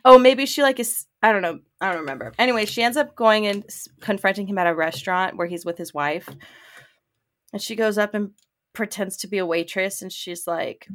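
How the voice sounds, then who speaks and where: A woman co-hosting a casual podcast, retelling movie scenes and acting out the characters' lines in quick quoted bits. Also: medium pitch. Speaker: podcast co-host. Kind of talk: casual chat.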